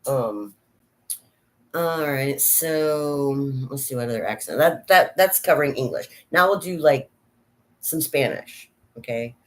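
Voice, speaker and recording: A woman's voice: low-pitched, unhurried. A middle-aged American woman chatting casually in a vlog about acting, rambling with many restarts and asides. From United States. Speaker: vlogger, actor. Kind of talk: casual chat.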